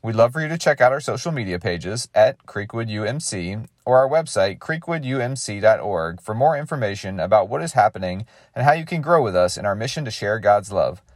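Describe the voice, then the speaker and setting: A man's voice: lowish voice, a little fast, hardly any pauses, no echo, studio quality. A man, a pastor, reading a friendly promotional intro for a sermon podcast. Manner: friendly, lively promotional read.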